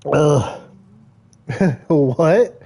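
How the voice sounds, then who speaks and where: A man's voice: fairly high pitch, very slow, creaky, dark tone. A man chatting casually while playing a video game, joking, rambling and laughing a lot. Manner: easygoing, rambling. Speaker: gamer. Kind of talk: casual gameplay chat.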